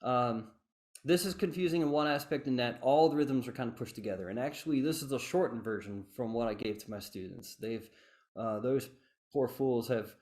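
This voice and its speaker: A man's voice: medium pitch, darkish tone. Man teaching fife rhythms on a call. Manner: chanting rhythm syllables with inflection, self-deprecating asides. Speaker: fife instructor. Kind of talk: online workshop lesson.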